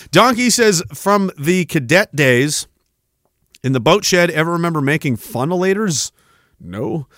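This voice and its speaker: Reading viewer messages on his podcast, this host speaks slowly with long pauses in a high-ish, animated, fairly bright voice. He's sarcastic and profane, laughing frequently throughout the rant. Sound is dry and clean, like a studio.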